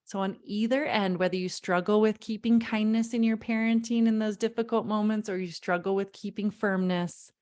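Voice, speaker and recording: A woman's voice: medium pitch, steady tone, normal speed, few pauses, a little mellow. Emphatic woman parenting coach. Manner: emphatic, repeats key phrases, addresses audience directly. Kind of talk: live online parenting workshop.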